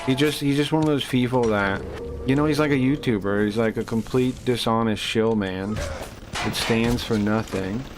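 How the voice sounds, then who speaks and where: While playing a game on a live stream, a man rants heatedly and swears, rambling and restarting his sentences. His voice is medium-pitched at a moderate pace, over a noisy background.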